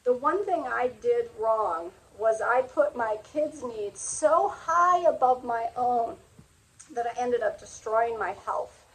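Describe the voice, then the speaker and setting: A woman's voice: on the high side, animated, slow pace, low-quality recording. A middle-aged woman hosting a motivational talk, speaking earnestly and sharing personal stories in a confiding way. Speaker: host.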